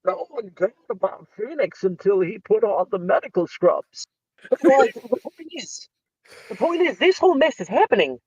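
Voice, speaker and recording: Animated man telling a story on a dry mic. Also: sits high, moderate pace, breathy edge, dry recording, dull audio. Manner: animated, acts out quotes. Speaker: guest. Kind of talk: casual storytelling chat.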